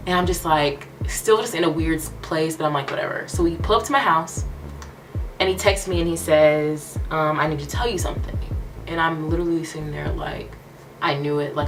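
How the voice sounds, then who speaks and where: Low-voiced young woman telling a story. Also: fairly bright tone, far from the mic. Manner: candid, emphatic, repeats phrases for emphasis. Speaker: vlogger. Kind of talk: storytime vlog.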